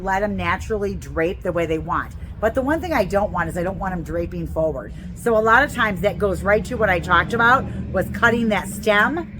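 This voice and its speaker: Woman instructor, enthusiastic hands-on demo, average pitch, light outdoor ambience. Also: noisy background. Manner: enthusiastic, chatty, gushing over plants. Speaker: gardening instructor. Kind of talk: how-to demonstration. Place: outdoors on a porch.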